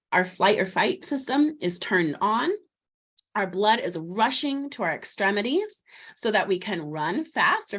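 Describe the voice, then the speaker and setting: Woman, interview guest, parenting expert, animated, talkative, soothing asides. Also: mid-range voice. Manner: animated, warm explaining, acts out soothing words to a child; frequent restarts and fillers, laughs lightly. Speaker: child development expert guest. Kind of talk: interview, explaining parenting ideas.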